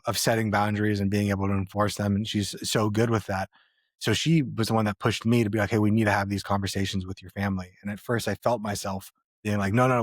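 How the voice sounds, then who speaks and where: A man co-hosting a podcast talks candidly and reflectively in casual chat, with fillers and restarts. His voice is on the low side, in clean studio sound without echo.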